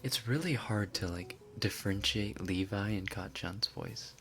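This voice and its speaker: A woman chatting casually on a live stream, answering her chat in a soft, giggly, rambling way with lots of fillers. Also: rumbling low, unhurried, slight background noise.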